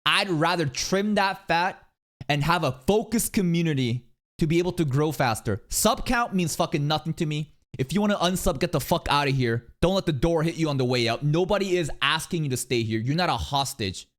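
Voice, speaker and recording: A man commenting casually on a clip as a reaction streamer, profane and blunt, with mocking asides. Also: brisk. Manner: animated, profane, swings into shrill mocking voices.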